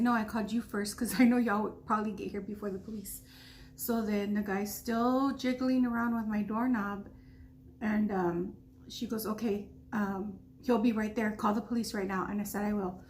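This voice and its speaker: Woman telling a storytime, slightly high voice. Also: a little mellow, a little hiss or hum. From Texas. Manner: earnest, retelling with quoted dialogue and restarts. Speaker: vlogger. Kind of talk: storytime vlog.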